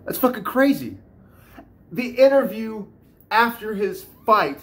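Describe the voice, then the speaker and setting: A man with a fairly high voice rants casually to the camera. He is animated and salty-mouthed and hammers his points through repetition. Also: slow pace, long pauses. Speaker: vlogger. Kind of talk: casual rant.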